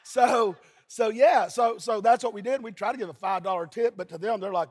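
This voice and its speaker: A high-pitched, husky-voiced man preaches a sermon. He is from Eastern Kentucky and tells folksy stories, now and then breaking into shouts. A long reverb hangs on every line. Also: brisk. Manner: folksy storytelling, bursts into shouting. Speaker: pastor.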